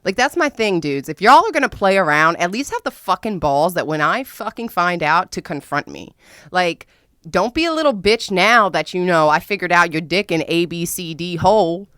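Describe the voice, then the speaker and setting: In a casual storytelling monologue, a young podcast host recounts her own experience with plenty of cursing, dramatic flair, and occasional loud squeals. Her smooth, lower-pitched voice is expressive and moderately paced, captured up close, dry, and free of room sound.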